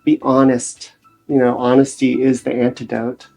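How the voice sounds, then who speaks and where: A man with a gravelly, slightly rough voice tells his recovery story in an earnest, animated way, sitting as a podcast guest. His tone is conversational, with faint music behind him. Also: medium pitch, normal speed. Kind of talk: casual podcast interview.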